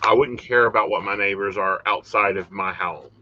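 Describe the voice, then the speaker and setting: A man with a bright, forward voice gives psychic readings on a live stream. He delivers his predictions in a calm, matter-of-fact way. The sound is dull and lo-fi, as if carried over a video call. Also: lowish voice, moderate pace. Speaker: psychic reader, host.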